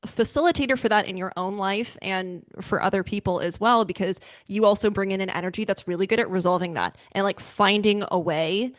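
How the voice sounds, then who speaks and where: A woman hosting a podcast, chatting in a relaxed, rambling way with many fillers. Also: mid-range voice, a little fast, hardly any pauses, no room sound. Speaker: podcast host. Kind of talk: casual conversation.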